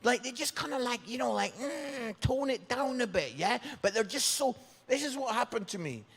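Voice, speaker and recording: A Scottish man telling comic stories to a church audience in a chatty way, often checking in with "yeah?" and bursting into loud shouts. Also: extremely high pitch, a little fast, vocal fry, slightly rough. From Scotland. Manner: chatty, keeps asking "yeah?" for agreement; animated, jumps into loud shouts. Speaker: guest speaker at a church service. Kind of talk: comic storytelling to a live audience. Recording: echoey hall.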